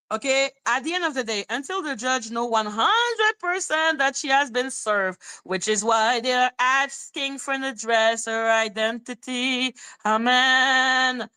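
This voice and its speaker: Woman host, casual stream commentary; sharp forceful tone, fairly high voice, blunt and condescending. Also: measured pace, few pauses, smooth. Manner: swears freely, repeats herself.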